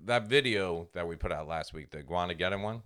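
Deep-voiced, smooth-toned man in his forties. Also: quick pace, fairly bright tone. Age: 40s. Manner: profane, exasperated ranting with acted-out quotes. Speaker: comedian podcast co-host. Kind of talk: casual chat, storytelling.

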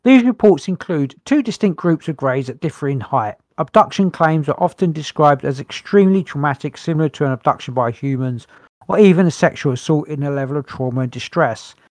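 A man's voice: fairly high pitch, animated, brisk, darkish tone, no room sound. Dry wry man reading notes. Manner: wry, dry humour, sighs between points. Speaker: podcast co-host. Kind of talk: casual chat, reading notes aloud.

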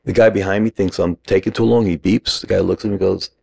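A middle-aged man, an acting teacher, telling an animated story on a podcast and acting out the other people's voices. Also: low-pitched, quick pace, gravelly, breathy edge, no room sound. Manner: animated anecdote, acts out quoted voices.

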